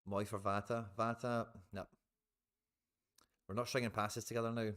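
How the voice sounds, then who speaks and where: A man's voice: lowish voice, level tone, normal speed, a bit bright. A man with a Scottish accent giving chatty live commentary on a football match to his stream viewers, now and then swearing.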